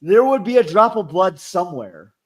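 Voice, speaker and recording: Man, podcast co-host, high voice, very lively pitch, mocking jokes. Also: normal speed. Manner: mocking, deadpan jokes, acts out characters. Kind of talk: casual podcast chat.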